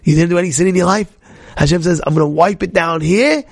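A middle-aged man, a rabbi, giving an animated Torah talk full of stories, restarts and shouted outbursts. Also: high voice, fast talker, vocal fry, dry recording, studio quality.

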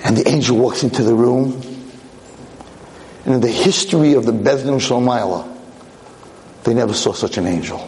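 A man giving a theatrical sermon, telling a story with lively, shifting delivery in an echoey lecture hall. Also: mid-range voice, normal speed, pauses often, slight background noise. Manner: animated, theatrical, shifting pace. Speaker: rabbi lecturer.

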